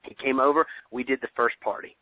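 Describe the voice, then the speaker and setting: A man giving an energetic motivational business training over the phone, full of pep-talk slang. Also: medium pitch, brisk. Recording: tinny phone line.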